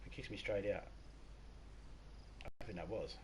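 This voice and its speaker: A man's voice: sits low, moderate pace, darkish tone. Joking Australian man streaming a game. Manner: joking, rambling, reads chat aloud. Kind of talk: casual live-stream chat.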